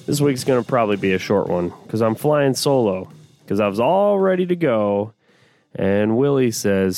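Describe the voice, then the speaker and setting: A man hosting a casual solo podcast, his voice raspy from allergies, talking in a laid-back way with frequent fillers. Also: medium pitch, animated, moderate pace, a little mellow, no echo, studio quality, faint music behind. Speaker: podcast host.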